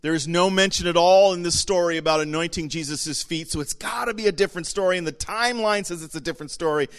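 A man preaching a sermon, animated, acting out little voices and dropping to a whisper for emphasis. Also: a little high, fast. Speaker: pastor.

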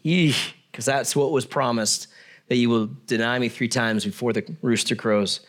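A man's voice: medium pitch, steady tone, moderate pace. A middle-aged man preaching a sermon, reading scripture aloud and adding conversational, joking asides. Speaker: pastor.

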